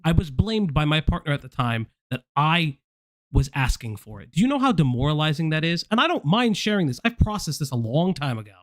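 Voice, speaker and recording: A man's voice: a little high, big pitch swings, a little fast, a bit bright, no room sound, clean studio sound. A man hosting a commentary stream, lecturing in a heated, profane way. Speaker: stream host.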